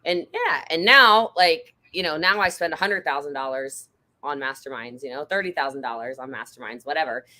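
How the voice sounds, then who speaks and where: Thirties woman, host, bright, forceful tone, animated storyteller who acts out quotes. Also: fairly quick. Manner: animated storyteller, jumps into high-pitched quoted voices. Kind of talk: casual conversation.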